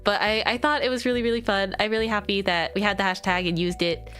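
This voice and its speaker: A woman's voice: mid-range voice, fairly even intonation, fast talker, a bit bright. A woman streaming from home, chatting casually to her viewers in a bubbly, giggly way that rambles from one thing to the next. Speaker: VTuber streamer. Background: faint background music.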